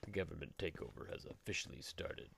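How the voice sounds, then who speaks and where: At home, a man hosts a casual Let's Play, rambling and joking to himself as he builds. He has a gravelly bass voice with lively intonation and a fairly bright tone, speaking fairly quickly. There's slight background noise.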